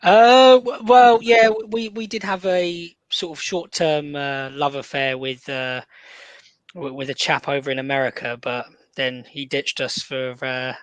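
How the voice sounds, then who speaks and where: A man's voice: steady tone, pushed and bright, smooth, no room sound. An English man co-hosting a podcast, talking casually with hesitant, stammering restarts. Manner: hesitant, stammering restarts, dropping low and slow. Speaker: podcast co-host. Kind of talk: casual chat.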